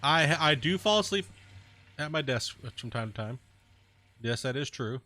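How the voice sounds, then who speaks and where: Soothing, bright-voiced young male streamer. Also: medium pitch, expressive, normal speed. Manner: laid-back, joking, slangy. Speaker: live streamer. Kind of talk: casual chat to viewers while gaming.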